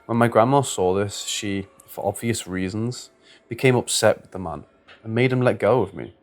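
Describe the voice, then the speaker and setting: A man narrating true scary stories, steady and measured in his reading. His voice sits on the low side. It is a scripted narration for a story channel. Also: soft background music.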